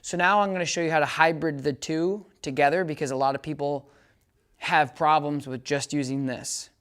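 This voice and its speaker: A man's voice: fairly high pitch, fairly even intonation, moderate pace, clear, resonant tone. Chatty male dog trainer. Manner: chatty, keeps checking understanding; bright, upbeat praise commands to the dog. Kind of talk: casual hands-on training demo.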